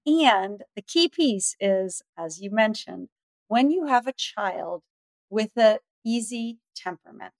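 A middle-aged woman speaking as the expert guest on a parenting podcast, telling stories lively and acting out the dialogue. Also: medium pitch, slow pace, no echo. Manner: animated storyteller, acts out dialogue. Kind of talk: podcast interview.

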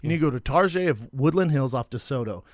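A man's voice: medium pitch, animated, fast talker, dry recording, clean studio sound. A man, co-hosting a podcast and telling profane stories in casual chat. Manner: storytelling, acts out voices, profane. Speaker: podcast co-host.

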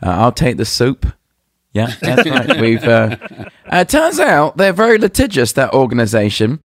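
A man's voice: medium pitch, wildly swooping pitch, moderate pace, dry recording. Rambling hesitant man, dry close sound. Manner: rambling, hesitant, full of uh and restarts. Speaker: guest magician. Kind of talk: casual podcast chat.

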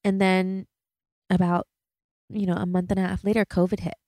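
Earnest chatty woman in her thirties, mellow. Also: lowish voice, little pitch movement, normal speed, no echo, studio quality. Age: 30s. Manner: earnest and chatty, full of "like" and "you know". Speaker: podcast host. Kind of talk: reflective solo podcast monologue.

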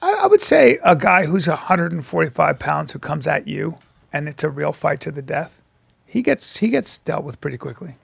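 A man with a raised pitch and a gravelly edge, co-hosting a casual podcast. He tells stories with animation and swears a lot. He comes across as loose and conversational. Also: big pitch swings, moderate pace, dry recording. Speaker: podcast co-host.

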